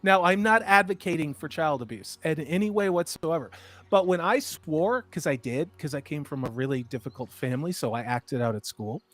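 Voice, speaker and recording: A man in his fifties chatting casually as a stream host, an animated storyteller who swings between loud and soft. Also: fairly high pitch, normal speed, no echo. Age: 50s. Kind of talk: casual chat.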